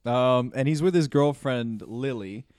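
A man's voice: mid-range voice, unhurried, darkish tone, no echo, clean studio sound. A man in his thirties hosting a movie podcast, recapping scenes in a rambling, profane, casual way. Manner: rambling, profane, laughs often. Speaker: podcast host. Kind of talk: casual chat.

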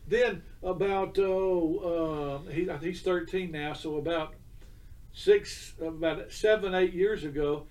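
A man's voice: fairly high pitch, slow, darkish tone, distant mic. An older man telling an emotional personal story as an interview guest, earnest, restarting his words and checking in with "okay?". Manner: earnest, emotional, repeats himself, asks listener "okay?".

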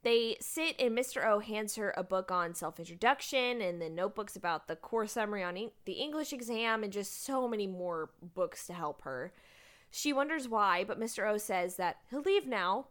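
A woman's voice: mid-range voice, lively intonation, moderate pace, a bit bright. A woman co-hosting a casual chat, recapping a drama plot with filler words and frequent laughs. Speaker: podcast co-host recapping a drama.

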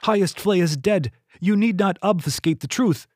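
A man voicing a stern, impatient high-ranking leader who speaks in brisk commands. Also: darkish tone, no echo, clean studio sound, lightly acted.

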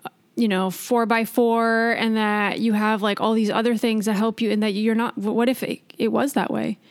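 A woman's voice: on the high side, flat delivery, moderate pace, clean tone. A woman co-hosting a podcast in casual chat, explaining her views earnestly with plenty of fillers. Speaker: podcast co-host.

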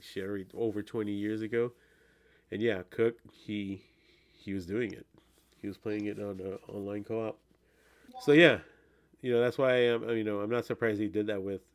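A man hosting a podcast in casual chat, rambling and swearing often, with many restarts. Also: on the low side. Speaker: podcast host.

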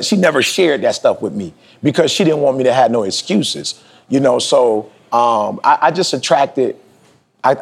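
A man in his forties, a podcast host, giving a motivational talk in emphatic, slangy street speech that leaps high in pitch when he presses a point. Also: vocal fry. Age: 40s.

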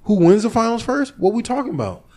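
A man hosting a podcast in casual chat, telling a story with lively energy, acting out what he and others said, and swearing freely. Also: very high voice, fast. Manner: animated storytelling, acting out his own past lines, swearing freely. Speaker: podcast host.

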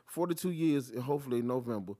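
A man, hosting his own podcast and ranting about sports in an animated, profane style. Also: quick pace. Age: 40s. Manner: animated, swings from low mutter to loud outbursts, heavy cursing. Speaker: podcast host. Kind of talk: profane solo sports rant.

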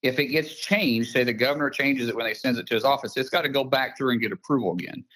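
A man's voice: medium pitch, fast, a bit bright, rough recording. A man with an Oklahoma accent, a senator giving a casual radio interview and laying out emphatic, detailed explanations. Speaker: senator, guest.

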